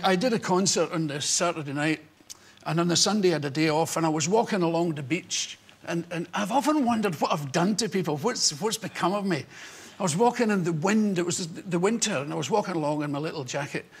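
High-voiced Scottish man telling stories. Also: slightly rough. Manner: animated comic storyteller, acting out voices. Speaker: talk show guest. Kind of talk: anecdotal storytelling on a chat show.

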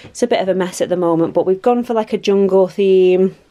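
Woman, casual home vlogger, chatty and rambling, mid pitch. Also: a little fast, warm tone, lo-fi sound. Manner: chatty and rambling, with many fillers. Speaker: vlogger and mum. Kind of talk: casual home vlog chat. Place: child's bedroom at home.

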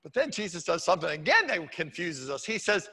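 A man preaches from the pulpit in a high, ringing voice. His tone stays casual and chatty, with dry humorous asides. The church around him adds a long, lingering reverb. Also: very animated, brisk, gravelly, bright, forceful tone, husky. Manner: conversational, with wry humorous asides. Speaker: pastor. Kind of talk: sermon. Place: church sanctuary.

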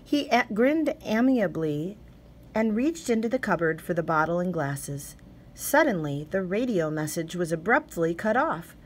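A woman reading a short story aloud as an audiobook narrator, measured and steady. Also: lowish voice, slight background noise. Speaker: audiobook reader. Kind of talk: scripted narration.

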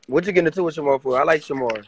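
A man's voice: a little high, racing, a little hiss or hum. A man calling into a live stream who asks laid-back, teasing questions.

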